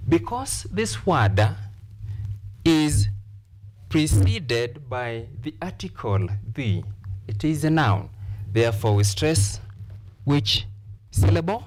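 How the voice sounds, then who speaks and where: A man's voice: fairly high pitch, big pitch swings, slow pace, pauses often, darkish tone. A man with a Kenyan accent teaching an English lesson, repeating key phrases and stressing words emphatically. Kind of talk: classroom lesson.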